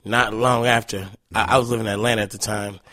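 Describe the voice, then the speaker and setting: A man's voice: on the low side, level tone, fast talker, sharp tone, no echo, studio quality. A man guest telling casual, profane stories with frequent laughs. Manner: loose, profane, laughing anecdotes. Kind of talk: casual storytelling.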